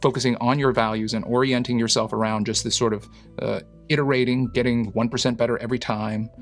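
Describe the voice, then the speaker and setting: A man, a psychologist, talking through a clip in a casual explanatory way with lots of fillers. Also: medium pitch. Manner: explanatory, uses fillers and analogies. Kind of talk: reaction commentary.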